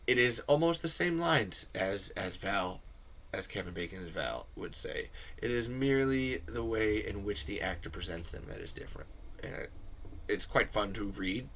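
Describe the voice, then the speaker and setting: A man hosting a casual film commentary, talking in a rambling, enthusiastic way full of fillers. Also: fairly low pitch. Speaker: film commentary video host.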